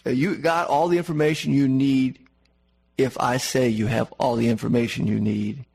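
A man's voice: high voice, lively intonation, moderate pace, gravelly, breathy edge, pitched above the performer's own voice, exaggerated voice. A man voicing a stern, indignant male archangel who scolds bluntly in a raised, folksy way, quoted within a sermon.

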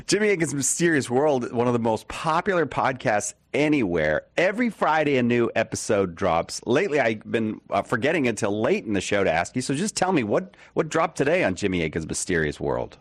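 A male talk-show host with a lively, swooping delivery, full of playful self-mocking asides. His voice sits close and dry on the mic, with no room sound around it. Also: medium pitch, fairly quick, hardly any pauses, no room sound. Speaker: podcast host. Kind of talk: casual radio talk show banter.

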